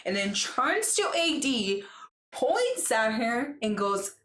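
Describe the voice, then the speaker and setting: A woman giving a casual, gossipy show recap, chatty and acting out what people said in lively voices. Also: on the high side, takes it slowly, echoey room. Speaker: recap vlogger.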